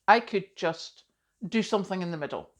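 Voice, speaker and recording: A middle-aged woman talking straight to camera in a relaxed vlog. Her voice sits a little low for a woman, and she chats in a self-deprecating way, with plenty of asides. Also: moderate pace. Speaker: vlogger. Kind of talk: casual chat to camera.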